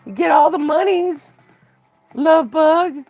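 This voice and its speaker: A man putting on a high falsetto voice to play a gushing, adoring young woman in a mocking impression. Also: slow pace, darkish tone, full character voice, poor audio.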